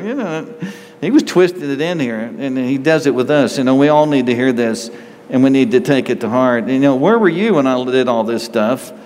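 Male pastor, mid-pitched, earnest sermon delivery, reverberant sanctuary sound. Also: darkish tone, a little hiss or hum. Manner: earnest, rising to emphatic reading of scripture.

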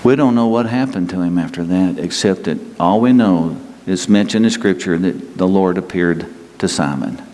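A man preaching a sermon in a conversational way, asking his listeners questions and leaving pauses. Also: low voice, a little mellow. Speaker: pastor. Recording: long hall reverb.

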